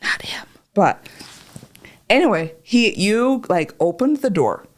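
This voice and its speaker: A woman's voice: medium pitch, slow. A woman telling a long story in casual chat, swearing freely and acting out what people said. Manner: profane, animated, acts out voices in quotes. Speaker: podcast guest, patient.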